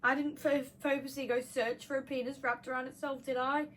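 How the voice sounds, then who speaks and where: A woman's voice: high voice, flat delivery, fairly quick, a crowd in the background. A young woman co-hosting a casual chat, reading confessions aloud with playful, teasing outbursts. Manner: playful, teasing, bursts into loud laughter and shouts. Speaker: co-host.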